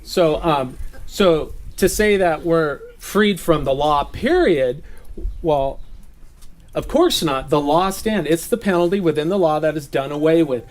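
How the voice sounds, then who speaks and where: A man from Southern California giving a relaxed, chatty sermon, laughing often and slipping into playful voices. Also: on the high side, unhurried. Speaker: preacher. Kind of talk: casual sermon teaching. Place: gathering.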